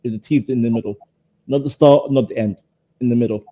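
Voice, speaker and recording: A man's voice: medium pitch, fairly even intonation, quick pace, mellow, dull audio. A man teasing friends in a casual online panel chat, stammering as he starts his sentences. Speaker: panel guest.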